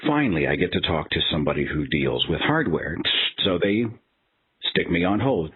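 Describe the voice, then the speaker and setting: Male podcast host, low and lively, a casual storyteller with an exasperated edge, heard through phone-like audio. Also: moderate pace, slight background noise. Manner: animated, exasperated anecdotal storytelling.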